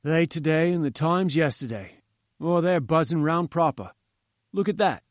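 Man doing a gruff rustic gatekeeper. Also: on the high side, expressive, normal speed, no room sound, clean studio sound, lightly acted. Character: huge gruff male gatekeeper.

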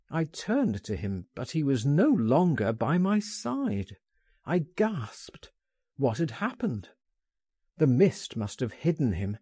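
A man narrating a first-person literary story, reading in an expressive, persuasive, theatrical manner. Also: mid-range voice, measured pace, slightly rough, no room sound, studio quality. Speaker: audiobook narrator.

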